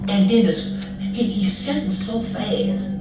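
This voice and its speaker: A speaker recounting a vivid dream in a halting way, with many restarts and fillers, heard as a played recording. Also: mid-range voice. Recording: echoey, distant, with music behind.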